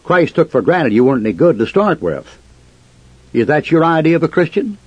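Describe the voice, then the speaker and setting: A man preaches a fiery, combative sermon, hammering his listeners with rhetorical questions. His husky voice swings widely in pitch. The recording is dry and muffled, like an old lo-fi tape. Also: big pitch swings, fairly quick, darkish tone, no echo.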